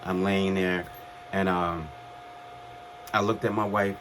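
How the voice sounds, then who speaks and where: A Brooklyn man in his fifties casually tells the story of his heart transplants. He's relaxed and conversational, restarting sentences and acting out quotes. His low voice moves slowly, with a little hiss or hum in the recording.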